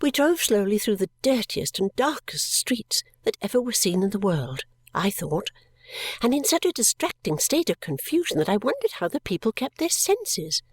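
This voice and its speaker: A woman narrates a classic novel in a tender, emotive reading. Her mid-range voice slips into soft whispered touches at moments of feeling. The recording is dry and close, with no room sound. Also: medium pitch, big pitch swings, normal speed, slightly rough, no echo. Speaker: audiobook narrator.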